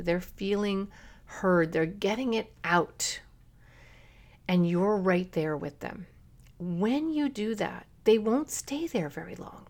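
A middle-aged woman hosting a parenting podcast, talking earnestly and coaching listeners with quick asides. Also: medium pitch, darkish tone. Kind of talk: solo podcast talk.

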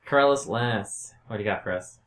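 A man's voice: lowish voice, unhurried. Laid-back man running a tabletop game. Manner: relaxed, laughs often, plays guards in plain voice. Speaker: game master. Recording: echoey room.

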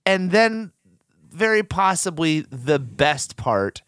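A man's voice: fairly high pitch, very animated, slow pace, a bit bright, smooth, dry recording, studio quality. A man co-hosting a podcast, recapping a movie in casual chat, laughing often and acting out lines. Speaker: podcast co-host.

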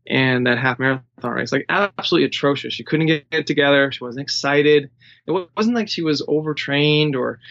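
A male running coach talking in a loose, rambling way, full of "you know" and "like." His voice has a gravelly fry. The recording is dry and a little muffled. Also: fairly high pitch, a bit bright, no room sound. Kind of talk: casual podcast conversation.

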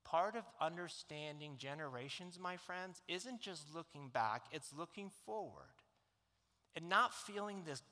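A man's voice: on the high side, lively intonation, unhurried, pushed and bright. A middle-aged man preaching a sermon as pastor, telling a personal story in an earnest, openly emotional way. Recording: long hall reverb.

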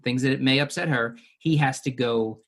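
A man's voice: mid-range voice, moderate pace, fairly bright tone. A man recapping and discussing a television episode with co-hosts in a casual chat, with frequent fillers.

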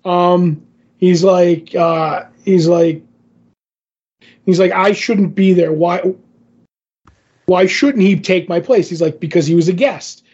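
A man with a high, breathy voice talks through comic book pages on a podcast, acting out each character's lines. The sound is a bit dull. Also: slow, long pauses. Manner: animated retelling of comic panels, quoting characters with lots of "he's like". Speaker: podcast co-host. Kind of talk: casual comic book discussion.

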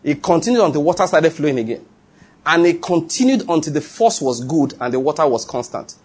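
Husky Nigerian preacher telling stories. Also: male voice, a little high, fairly quick. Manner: animated, laughing storyteller with call-and-response. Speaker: pastor. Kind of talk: sermon with storytelling.

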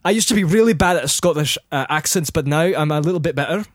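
Slightly high-voiced man, dry close sound. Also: dry recording. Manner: halting, restarts often while practicing an accent. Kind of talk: casual chat.

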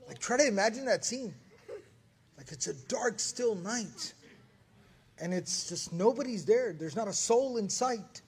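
A man with a high, husky voice paints a night scene for his listeners. He describes each detail vividly as he tells the story. His delivery is casual but absorbed in the telling. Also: lively intonation, measured pace. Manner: vivid, scene-painting, recites classical verse.

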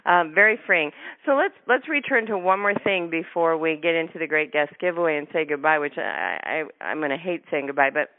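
A woman hosting an interview, chatting in a talkative way with quick laughs and restarts. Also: low voice, lively intonation, no room sound. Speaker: host. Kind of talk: casual interview chat. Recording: tinny phone-line sound.

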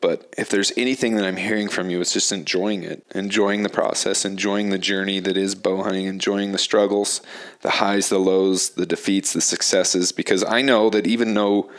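A man's voice: fairly low pitch, a bit bright. A man hosting a podcast, reflecting on his guest's story in an encouraging way. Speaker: podcast host. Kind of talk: casual podcast conversation.

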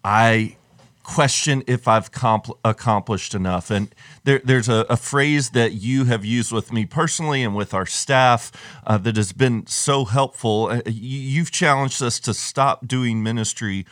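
A man's voice: mid-range voice, a little slow, fairly bright tone, no room sound, clean studio sound. A man on the church staff, co-hosting a podcast conversation and reflecting thoughtfully on what he has heard. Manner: reflective, affirming listener. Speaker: ministry staff member, co-host.

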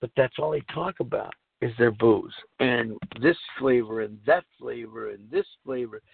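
A man's voice: medium pitch, normal speed, creaky, a little hiss or hum. A middle-aged man hosting a recovery talk show, speaking in a rambling, earnest way and repeating himself. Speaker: podcast host. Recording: tinny phone-like line.

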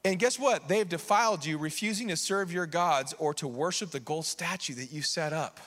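A male pastor preaching an animated sermon, swinging between quiet asides and raised preaching and acting out the figures in quick voices. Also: a little high, long reverb tail. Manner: acts out the king and others in quick voices. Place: church sanctuary.

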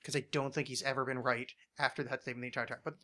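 A man's voice: medium pitch, flat delivery, racing, sharp tone. A man hosting a casual podcast, ranting with lots of swearing and restarts. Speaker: podcast host.

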